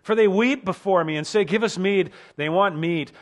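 A man's voice: high voice, normal speed, lightly acted. A preacher acting out an overwhelmed ancient male leader who pleads in exasperated, self-doubting outbursts. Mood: despairing.

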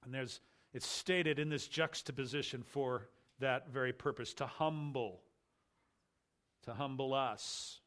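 A man preaching an expository sermon, emphatic and rhetorical, swinging between loud declarations and quiet asides. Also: mid-range voice, unhurried.

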